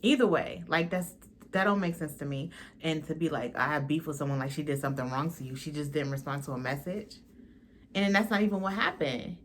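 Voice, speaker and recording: A woman's voice: sits low, expressive, fairly quick, slight background noise. A young woman hosting a casual reality TV recap, blunt and slangy, swearing freely and mimicking the cast.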